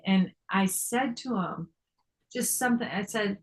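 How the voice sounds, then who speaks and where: A woman's voice: medium pitch, unhurried, rough recording. This is an older woman sharing thoughts on a spiritual text in a reflective talk. She reads passages aloud and explains them earnestly. She laughs easily and often starts a phrase over.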